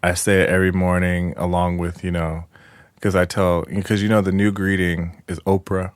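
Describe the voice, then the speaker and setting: A man's voice: sits low, little pitch movement, moderate pace, no echo. A man co-hosting a podcast in casual chat, playful and riffing on catchphrases. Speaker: podcast co-host.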